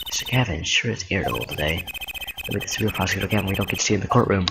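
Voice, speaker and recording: Low-voiced man reading game text. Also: racing, creaky, noisy background. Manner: flat, plain reading with stumbles. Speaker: gamer reading a blind playthrough. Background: game music.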